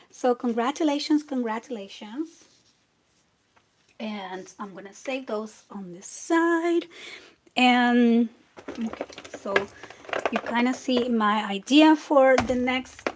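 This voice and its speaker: A woman hosting a live crafting tutorial, chatty and relaxed, talking to viewers while she works. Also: fairly high pitch, slow pace. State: a bit out of breath. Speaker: craft channel host.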